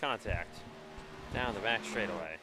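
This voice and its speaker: A man with a congested, stuffed-up voice giving casual live commentary on a sim race as the stream host, relaxed and chatty with frequent fillers. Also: on the low side, unhurried, over music.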